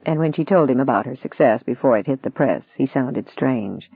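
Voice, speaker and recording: A narrator reading a novel aloud in an even, measured way. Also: medium pitch, vocal fry, breathy edge, dry recording. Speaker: audiobook narrator. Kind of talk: scripted narration. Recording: dry tinny phone-like sound.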